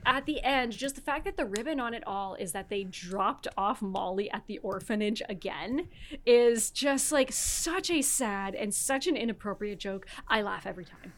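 A woman's voice: medium pitch, expressive, moderate pace. A woman hosting a podcast, chatting casually about a film with lots of fillers and the odd swear. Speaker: podcast host. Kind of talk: casual chat.

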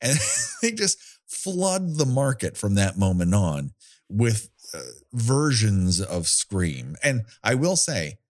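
A man with a fairly low voice talks through horror films in a loose, rambling way, wry and quick to swear. The sound is dry and close, with no room around it. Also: big pitch swings, no echo. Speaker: podcast co-host. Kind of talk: casual chat about horror movies.

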